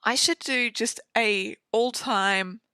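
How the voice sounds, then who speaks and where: A woman's voice: on the high side, takes it slowly, sharp tone, clear, resonant tone, no echo. A woman, hosting her own podcast in a chatty, effusive, sweary way from a home studio. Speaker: podcast host. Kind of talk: casual solo podcast monologue.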